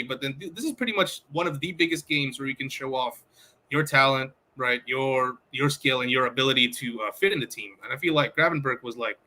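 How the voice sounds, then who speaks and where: Bright-voiced, excitable podcast co-host man. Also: fairly high pitch. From outside the US. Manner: excitable, rambling, many fillers. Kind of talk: casual sports chat.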